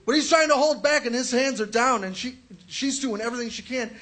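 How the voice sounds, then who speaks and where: A man's voice: very high-pitched, fairly quick, pushed and bright. A young man doing a stand-up comedy set, telling crude, profane stories and acting out quotes. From Chicago area.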